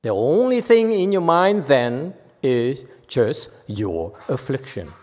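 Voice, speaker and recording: A man's voice: fairly high pitch, big pitch swings, slow pace, darkish tone, in a large hall. A man giving a spiritual teaching to a congregation, playful and full of rhetorical questions and repeated phrases. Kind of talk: dharma talk to a congregation.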